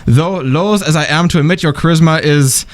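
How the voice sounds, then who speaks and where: A man's voice: on the high side, moderate pace. Man reading email in mock German accent. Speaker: podcast co-host. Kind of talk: reading a listener email aloud.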